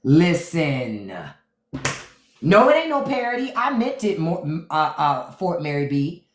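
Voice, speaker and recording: A woman's voice: deep voice, sing-song, slow, roomy sound, a little hiss or hum. A woman hosting a live stream, ranting about politics to her chat in a profane, sarcastic, mocking way. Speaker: podcast host on a live stream. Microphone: phone.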